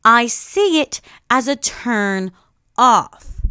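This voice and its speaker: A woman hosting a self-help podcast, talking in a sassy, emphatic way and swinging from calm to loud exclamations. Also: on the high side, normal speed, dry recording, clean studio sound. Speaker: podcast host. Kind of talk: motivational self-help talk.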